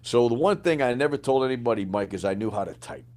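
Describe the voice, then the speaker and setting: A man's voice: medium pitch, fast talker. Casual, profane middle-aged man telling war stories. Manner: profane, animated, acts out quoted dialogue. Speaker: podcast guest, former Green Beret sergeant major. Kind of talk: casual storytelling.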